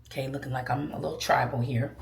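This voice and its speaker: A woman's voice: very deep voice, fairly even intonation, quick pace, gravelly, slight background noise. Chatty woman in an echoey room. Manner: chatty, sassy, addresses viewers as girl and child. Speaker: beauty vlogger. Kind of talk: casual makeup tutorial.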